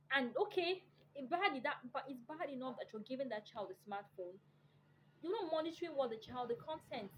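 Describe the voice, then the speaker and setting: A woman's voice: high-pitched, a little hiss or hum, low-quality recording. A middle-aged woman from Africa, a mother, lecturing parents in an impassioned monologue, emphatic and preachy, full of rhetorical questions. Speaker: vlogger addressing parents.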